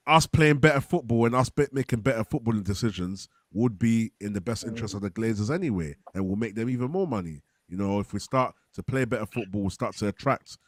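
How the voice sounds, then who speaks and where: Low-ish guy on a football stream, dry close mic, chill chat. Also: no room sound. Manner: relaxed, reads viewer comments aloud. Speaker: football podcast host. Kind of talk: casual fan chat.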